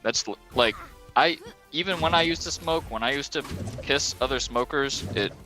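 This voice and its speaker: A man's voice: mid-range voice, normal speed, music in the background. A man hosting a gaming stream, telling crude stories in casual chat and laughing often. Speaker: streamer host.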